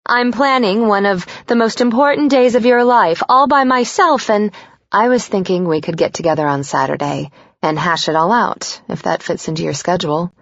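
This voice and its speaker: A woman voicing a fussy, anxious middle-aged mother in an audiobook, breathy and a little accusing. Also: mid-range voice, moderate pace, no room sound, dull audio, voice pushed up, close to an everyday voice. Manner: pushy, accusing, fretful. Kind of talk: audiobook character voice.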